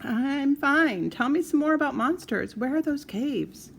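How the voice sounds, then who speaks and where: A woman voicing an anxious young girl who hides a monster, speaking in bright childlike exclamations. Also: high voice, lively intonation, a little slow, gravelly, a little hiss or hum, pitched above the performer's own voice, full character voice. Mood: eager.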